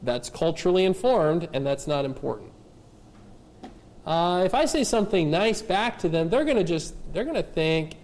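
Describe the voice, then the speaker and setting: Male pastor, high voice, emphatic sermon, lots of rhetorical questions. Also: lively intonation, moderate pace, a little mellow. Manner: addresses kids and adults directly.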